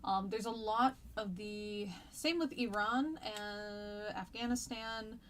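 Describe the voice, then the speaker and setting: A woman's voice: medium pitch, slow pace, slight background noise. An American woman teaching a history lesson on a live stream, chatty and rambling with frequent ums, and a stuffy nose with a cough.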